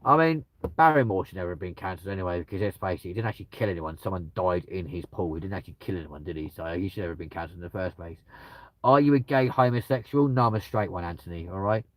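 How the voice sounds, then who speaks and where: Male streamer, crude banter, low-ish voice, dry close sound. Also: quick pace, no room sound. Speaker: livestreamer reading out chat. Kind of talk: casual chat. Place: at home with dogs nearby.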